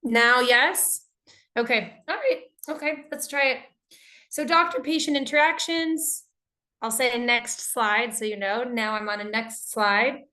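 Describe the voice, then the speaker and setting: An American woman leads an online English lesson with a fairly high voice. She talks to her class in a friendly, energetic way and keeps checking in with her students. She is heard through her computer mic on a video call. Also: unhurried. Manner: friendly, energetic, interactive with chat. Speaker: English teacher.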